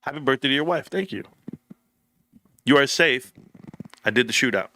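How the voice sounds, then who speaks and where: A man's voice: mid-range voice, lively intonation, normal speed, bright, forceful tone, a little hiss or hum. A man hosting a casual livestream, reading comments and telling loose, profane stories with frequent laughter. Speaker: livestream host.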